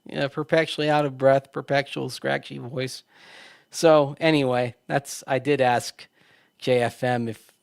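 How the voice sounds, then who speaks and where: A man's voice: medium pitch, steady tone, unhurried, gravelly, no room sound, clean studio sound. A man co-hosting a sports radio show, chatting casually, laughing often and restarting his sentences. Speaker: sports radio co-host and team reporter.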